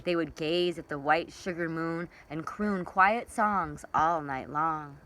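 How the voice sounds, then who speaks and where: A woman librarian reading a children's picture book aloud in an expressive storytelling way. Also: sits low, takes it slowly, poor audio.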